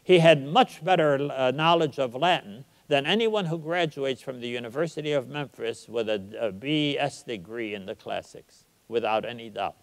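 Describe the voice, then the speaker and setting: An older man delivers a public lecture, pressing his points with emphasis. He slows right down whenever he recites lines of poetry. His voice sits at an ordinary middle pitch and rings out through a large hall with a long reverb. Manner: emphatic, recites verse slowly. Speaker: guest lecturer.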